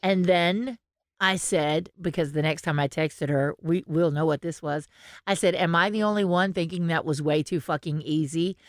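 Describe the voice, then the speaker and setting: A woman cohosting a chatty podcast, slightly low-pitched and smooth-voiced. She tells her stories with animation, curses freely and laughs often, recorded close and dry with no room sound. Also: moderate pace, dry recording. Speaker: podcast co-host. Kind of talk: casual podcast chat.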